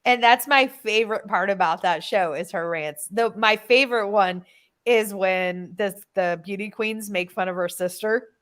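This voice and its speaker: A woman's voice: medium pitch, normal speed, fairly bright tone. A woman co-hosting a reading stream, chatting casually and with enthusiasm about old TV shows. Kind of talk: casual chat.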